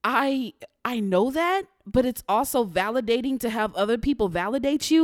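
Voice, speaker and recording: Her voice sits on the high side and is expressive, moving at a moderate pace with hardly any pauses. She's a young podcast host candidly recounting a personal story, swearing and sometimes fighting back tears, in a clean studio recording with no echo.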